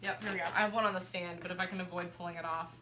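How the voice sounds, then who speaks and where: A woman's voice: lowish voice, fairly even intonation, racing, background noise. A young woman, chatting through a live quilting demo and talking straight to her viewers. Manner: chatty, friendly, addresses viewers directly. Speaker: quilting teacher. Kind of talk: live-streamed quilting demonstration. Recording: echoey room.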